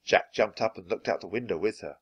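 A man reading a children's chapter book aloud in an expressive, animated way. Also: on the low side, brisk, breathy edge. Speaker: audiobook reader.

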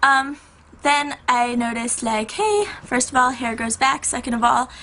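Young woman vlogger, bright and hyper, rambling chat, slightly high voice. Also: measured pace, a little hiss or hum. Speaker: YouTuber. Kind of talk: casual vlog chat.

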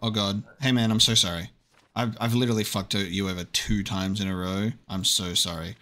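A man's voice: on the low side, little pitch movement, moderate pace, pushed and bright. Young man giving chatty game commentary. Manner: chatty, muttering while checking, swears. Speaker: gaming video creator. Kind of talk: casual let's-play commentary.

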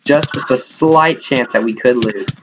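A young man talks over his own gameplay in a middle-pitched voice, quick to exclaim and quick to mock himself. The recording is noisy, with mouse clicks heard behind him. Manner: excitable, self-mocking, exclaims often. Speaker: gaming YouTuber. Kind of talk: live gameplay commentary.

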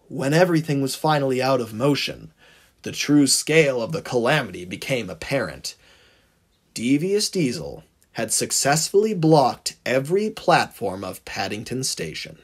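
A man's voice: medium pitch, very animated, normal speed, husky. A man reading his own fan-fiction story aloud, narrating dramatically with swooping emphasis.

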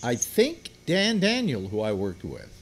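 An older man hosts a loose on-air chat, his voice rising and falling in a lively way. He rambles, pausing on fillers and restarting his sentences. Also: medium pitch. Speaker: radio host. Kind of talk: casual group chat.

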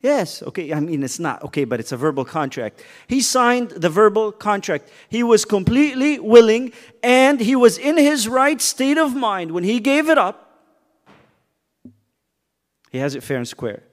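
Animated man teaching a youth Bible class. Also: sits high, moderate pace, hardly any pauses. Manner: animated, joking, quizzes the kids. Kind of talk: casual youth Bible lesson. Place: church hall. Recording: church hall reverb.

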